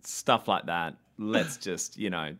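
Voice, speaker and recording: A man's voice: deep voice, slow pace, sharp tone. A man hosting a casual comedy chat at a festival, talking loosely and laughing easily. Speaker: interview host.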